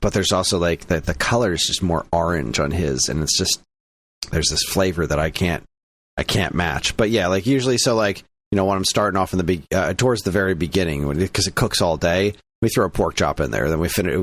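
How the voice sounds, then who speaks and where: Man, from the US, podcast co-host, casual chat, lowish voice, rambling, filler-heavy. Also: brisk, a bit bright. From United States. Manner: rambling, many fillers and restarts.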